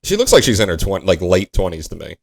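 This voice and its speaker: A young adult man guests on a casual podcast with a very deep voice. He is chatty and reactive and answers with quick asides. His delivery is relaxed and conversational. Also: creaky. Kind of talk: casual chat.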